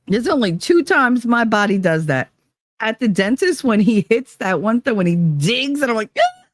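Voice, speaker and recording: A woman's voice: a little high, sing-song, moderate pace, no room sound, clean studio sound. A woman host, chatting casually with her live chat, bawdy and prone to giggling fits. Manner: giggly, frequent laughing fits, bawdy and loose. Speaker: livestream host reading chat.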